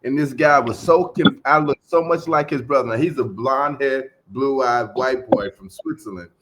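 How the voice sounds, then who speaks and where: A middle-aged man telling a long story as a podcast guest in a relaxed, casual way, trailing off into fillers and acting out the voices of the people in it. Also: medium pitch, moderate pace. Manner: laid-back, acts out quoted voices, trails off into fillers.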